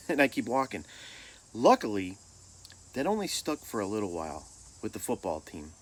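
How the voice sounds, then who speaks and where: A man's voice: medium pitch, big pitch swings, normal speed, long pauses. A middle-aged man from Michigan telling a personal story in a laid-back, self-deprecating way. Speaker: storyteller vlogger. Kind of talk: casual storytelling.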